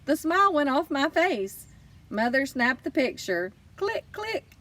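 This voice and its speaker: A woman narrating a children's audiobook in first person, lively and expressive. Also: high voice, measured pace, recorded from a distance. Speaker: audiobook reader.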